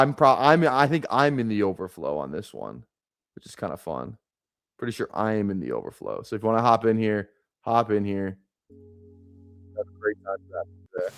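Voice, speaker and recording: A man's voice: on the low side, big pitch swings, normal speed, long pauses. Rambling, chuckling male streamer over faint music. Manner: rambling, swears freely, chuckles often. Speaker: fantasy football streamer. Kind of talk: casual live-stream chat.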